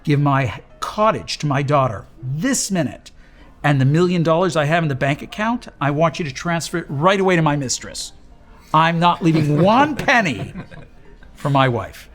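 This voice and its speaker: A man's voice: extremely high pitch, lively intonation, normal speed, creaky, hardly any pauses, pushed and bright, pitched above the performer's own voice, heavily acted. A man voicing a dying older husband who turns spiteful and defiant, speaking with raised emphasis.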